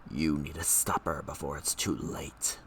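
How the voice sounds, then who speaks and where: A man voicing a sinister inner voice that urges murder, in a slow, hushed half-whisper. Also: a bass voice, level tone, a little hiss or hum, pitched below the performer's own voice, exaggerated voice. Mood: menacing. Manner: slow and menacing.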